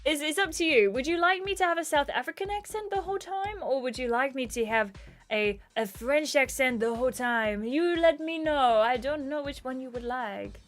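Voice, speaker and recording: High, bubbly woman livestreaming a game. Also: normal speed, soft background music. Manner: bubbly, gushing thanks to chat. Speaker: gaming streamer. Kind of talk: casual livestream commentary.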